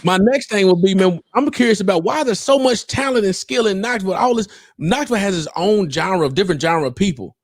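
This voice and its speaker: Man, podcast co-host, casual and animated, slightly high voice, dry close sound. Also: brisk, few pauses, dry recording. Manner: animated, mimics people and laughs often. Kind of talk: casual chat.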